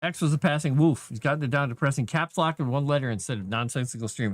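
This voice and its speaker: A man's voice: medium pitch, fast talker, few pauses, no echo. A man, an author, chatting casually with his viewers on a live stream and cooing at his cat between thoughts.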